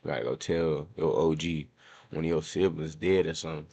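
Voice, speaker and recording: A man's voice: rumbling low, steady tone, brisk, warm tone, husky. A man giving laid-back, slangy reaction commentary and talking to his chat. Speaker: reaction streamer.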